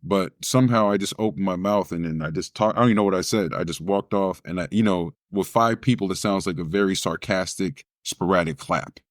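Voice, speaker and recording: A man's voice: low voice, brisk, hardly any pauses, no room sound, clean studio sound. A man, a spoken word poet, telling a personal story in an interview and acting out the other people's voices as he goes. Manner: animated storyteller who acts out quoted voices.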